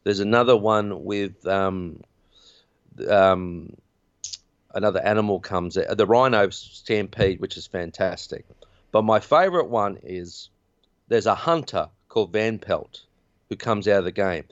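A man's voice: fairly low pitch, a little slow, dry recording, dull audio. A man hosting a podcast, recapping a film in a chatty, rambling way. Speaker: podcast host. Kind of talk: casual film recap chat.

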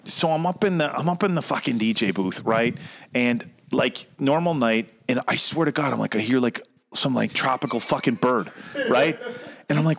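Profane, animated man telling a bar story. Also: on the high side, fairly quick, vocal fry. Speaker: podcast host. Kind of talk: casual storytelling chat.

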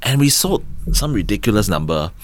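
A low-pitched Singaporean man in his thirties, speaking in an English full of local color. He tells his story with a lively, swinging voice and acts out every quote. He keeps checking in with his listener with a quick "right?". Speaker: podcast guest, entrepreneur. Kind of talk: casual storytelling interview.

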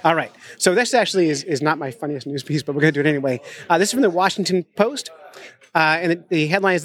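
A man's voice: fairly high pitch, fast, a bit bright. A man hosting a podcast live at a conference, chatting casually with jokey, self-mocking asides. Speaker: podcast host. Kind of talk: casual chat at a conference table. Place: conference venue.

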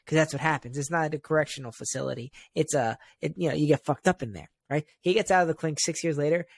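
A young man in casual comedic chat, eagerly building a joke step by step. His voice sits somewhat high for a man. He sounds energetic and playful. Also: gravelly, dry recording. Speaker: podcast co-host.

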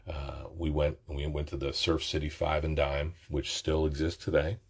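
Middle-aged guy rambling thru an old story, swears a lot, super husky breathy voice, low and monotone. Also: moderate pace. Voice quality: raspy. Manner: rambling, profane, self-correcting. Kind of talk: casual storytelling.

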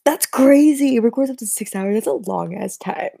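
A woman's voice: a little high, moderate pace, creaky, dark tone, dry recording, clean studio sound. A young woman hosting a casual podcast chat, giggly, exclamatory and swearing freely. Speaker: podcast host.

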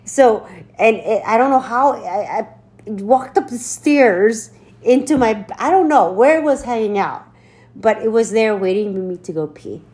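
A woman co-hosting a podcast, telling a funny story in casual chat, animated, laughing and cursing as she goes. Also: on the high side, a little slow. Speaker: podcast co-host.

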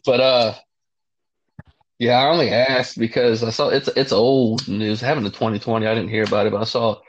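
A man's voice: medium pitch, fairly even intonation, brisk. A young man co-hosting a casual podcast, laid-back and crude, saying "dude" a lot. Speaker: podcast co-host. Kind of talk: casual chat. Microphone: remote call line. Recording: slightly dull lo-fi audio.

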